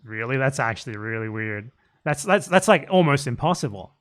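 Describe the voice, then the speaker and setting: A man doing casual live commentary, reacting to a video with a blunt, profane, excitable rant. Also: mid-range voice, a little fast.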